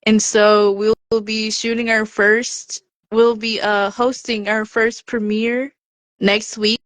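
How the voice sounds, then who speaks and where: Slow-spoken woman telling a personal story. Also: a little high, no room sound. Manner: lively storyteller who acts out the quoted voices. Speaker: podcast contributor.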